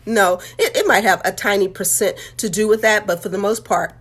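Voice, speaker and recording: A woman's voice: medium pitch, a little fast, a bit bright, slightly rough. A woman and author telling her life story in a candid, heartfelt, conversational way. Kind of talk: candid personal testimony.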